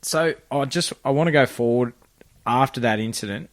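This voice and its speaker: A man's voice: mid-range voice, moderate pace. An Australian man hosting a podcast, easygoing, asking questions and calling his guest mate. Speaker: podcast host. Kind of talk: casual interview.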